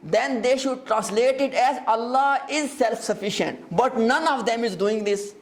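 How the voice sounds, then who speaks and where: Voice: medium pitch, a little slow. A grammar teacher in a live class who explains step by step, repeats key terms and often stops to ask the students whether they follow.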